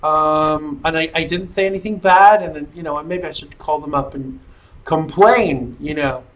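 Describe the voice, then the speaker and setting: A man's voice: on the high side, normal speed, fairly bright tone. A man hosting a casual livestream show, joking around and rambling as he reads out viewer comments. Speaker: host.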